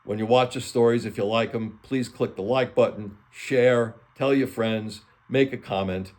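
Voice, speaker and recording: A man's voice: mid-range voice, fairly even intonation, normal speed, a little mellow. A man hosting his channel as an author, reading stories aloud in a plain, earnest way.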